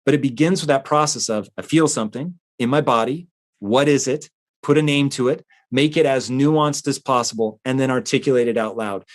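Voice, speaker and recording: Earnest man talking casually. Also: mid-range voice. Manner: conversational, with frequent fillers and restarts. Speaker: host answering a listener letter. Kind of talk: casual podcast talk.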